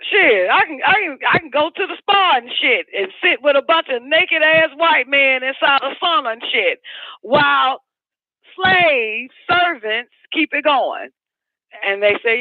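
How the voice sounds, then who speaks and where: A man with a very high-pitched voice holds forth on live radio. He swears constantly and loops back over his own phrases for emphasis. The sound is dry and thin, like a phone line. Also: animated, measured pace, dry recording. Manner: profane, rambling and emphatic, repeats phrases. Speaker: radio show host. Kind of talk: live call-in radio monologue.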